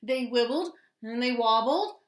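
A woman reading a children's picture book aloud in a gentle, expressive way. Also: fairly high pitch, measured pace, roomy sound. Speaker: storybook reader. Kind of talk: children's story read-aloud.

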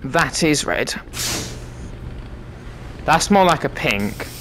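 A man's voice: on the high side, lively intonation, drawn-out words, a bit bright, a little hiss or hum. A British man giving cheeky, sweary commentary while playing a VR game. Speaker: gamer content creator. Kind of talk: casual gameplay commentary.

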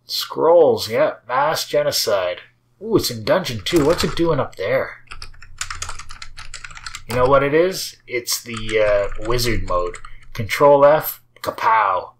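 A man hosting his own game series, chatting casually as he plays and reads through code, rambling and often laughing softly. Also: medium pitch, lively intonation, slow pace, slight background noise. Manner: rambling, chatty, with frequent fillers and small laughs. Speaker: host of a game and source-code video series. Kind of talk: casual commentary while playing and reading code.

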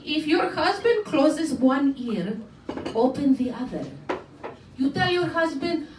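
A woman's voice: high-pitched, sing-song, takes it slowly, recorded from a distance, background noise, exaggerated voice. Woman playing a brash older Greek auntie with a Greek accent. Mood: bawdy. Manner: broken grammar, bawdy, theatrical, cackling. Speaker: stand-up comic. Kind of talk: character stand-up comedy. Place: pub stage at a variety show. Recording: echoey pub mic heard from afar, crowd laughter. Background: audience laughing.

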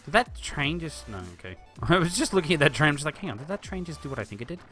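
A man's voice: a little high, sing-song, quick pace, sharp tone, soft background music. A man chatting casually through a live stream of a city-building game, thinking aloud and answering viewers. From Australia. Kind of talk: live-stream gameplay commentary.

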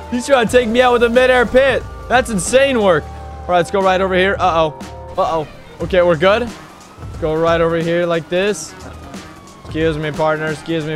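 A young man giving live commentary on a driving game, cheekily taunting the police chasing him and yelping at every jump and crash. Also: sits high. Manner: excitable, bursts into yelps on jumps and crashes; cheeky taunts at pursuing cops. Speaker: gaming YouTuber and server owner.

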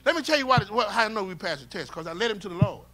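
A male pastor, preaching a sermon and moving from shouts and call-and-response to quiet, close talk. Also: sits high, expressive, rapid-fire, very noisy. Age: 50s. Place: church sanctuary with congregation.

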